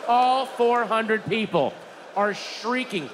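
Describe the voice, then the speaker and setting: A man doing stand-up storytelling on stage, animated, shouting out the crowd's yells. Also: high-pitched, slow pace. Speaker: stand-up comedian. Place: comedy stage before a live audience. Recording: reverberant live venue with crowd noise.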